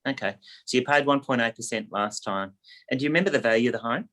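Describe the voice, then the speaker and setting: Aussie agent, animated storyteller, mid-range voice, casual coaching tone. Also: male voice, medium pitch, fast talker. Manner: animated anecdote teller, lively, acts out quotes. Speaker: real estate agent.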